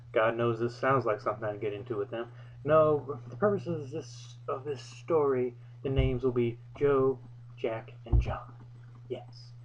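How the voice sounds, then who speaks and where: A young man hosts his own vlog and tells a personal story with wry, self-deprecating humor. His voice sits at an ordinary middle pitch. The recording is a little dull and muffled, with faint noise behind him. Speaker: vlog host. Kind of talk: casual storytelling.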